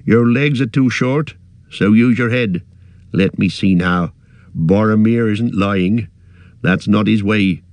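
A man's voice: lowish voice, slow pace, a little mellow, no room sound. A man voicing a loyal, stout-hearted male hobbit who talks in an earnest, plain rustic way. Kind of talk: audiobook character voice.

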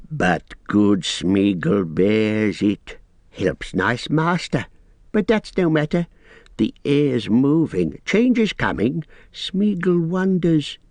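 A man's voice: fairly high pitch, gravelly, darkish tone, dry recording, voice pushed up, exaggerated voice. A man reading an audiobook and voicing a wretched, wheedling male creature with a hissing, whispery, strained voice that talks about himself in the third person. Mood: uneasy. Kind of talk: audiobook character voice.

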